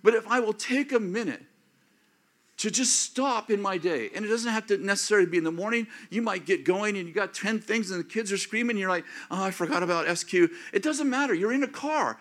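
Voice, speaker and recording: A man of fifty or older preaching a sermon as pastor, acting out prayers and inner thoughts in an animated way. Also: high-pitched, a little fast. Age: 50s or older.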